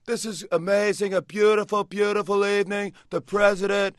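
Brash older tycoon TV star, loud and high, stretching his praise; a man puts it on. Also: flat delivery, no echo, studio quality, lightly acted. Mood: boastful. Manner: brash, showy, drawn-out praise.

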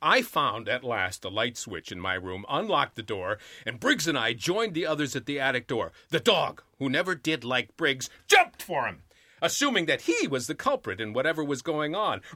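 Male actor narrating comedy, animated, bright and crisp in a dry room. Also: medium pitch, normal speed, dry recording. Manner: lively animated storytelling. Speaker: actor reading a story. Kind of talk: expressive comic story narration.

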